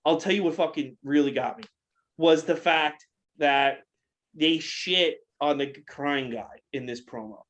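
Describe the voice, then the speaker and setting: A man's voice: fairly high pitch, measured pace, a bit bright, highs cut off. Man ranting angrily, swearing hard. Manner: angry, profane ranting with repeated questions. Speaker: podcast co-host. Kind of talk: casual ranting chat.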